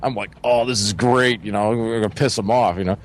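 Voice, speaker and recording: A man's voice: on the low side, fairly quick. A man telling a long camping story in a casual, profane, rambling way, often acting out his friends' voices. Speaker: podcast co-host.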